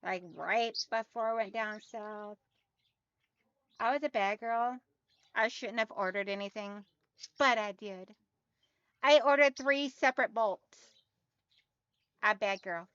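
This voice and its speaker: A woman's voice: a little high, slow pace, long pauses, a bit bright, clean tone, no echo, lo-fi sound. A woman hosting a casual quilting livestream, chatty and talking straight to her viewers as she reads out their comments.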